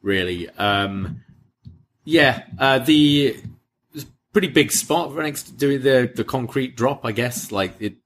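A man co-hosting a casual wrestling chat, relaxed and a bit hesitant. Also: mid-range voice, unhurried. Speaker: wrestling podcast co-host.

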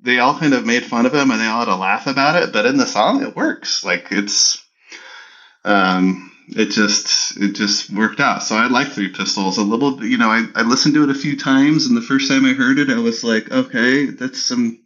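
A man's voice: mid-range voice, moderate pace, fairly bright tone. A man co-hosting a podcast, chatting casually about an album and rambling with many restarts. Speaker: podcast co-host. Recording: dull lo-fi audio.

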